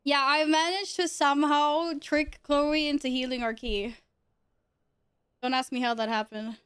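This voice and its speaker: A woman's voice: sits high, steady tone, a little slow, fairly bright tone, dry recording, studio quality. A woman live streaming, chatting casually and playfully while gaming, teasing viewers and laughing often. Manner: chatty, greets viewers and jokes with them.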